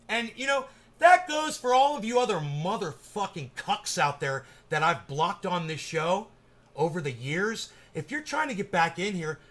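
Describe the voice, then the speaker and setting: A man with a high, bright voice hosts a live cannabis stream. He rants and swears constantly, drops into low asides and then rises into loud, fired-up bursts. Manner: swears heavily, swings from muttering to excited shouting. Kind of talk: profane ranting live show chat.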